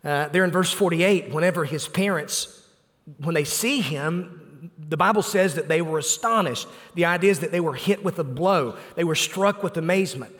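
A man preaching a sermon, earnest and emphatic, repeating phrases for weight and filling pauses with "uh". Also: a little high, fairly bright tone, big-room sound. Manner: earnest preaching with emphatic repetition and frequent "uh" fillers. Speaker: pastor.

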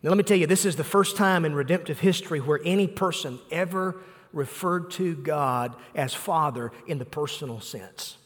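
A man's voice: fairly high pitch, moderate pace. Preaching man in a reverberant hall. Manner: earnest preaching with emphatic repetition and frequent "uh" fillers. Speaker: pastor. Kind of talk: sermon.

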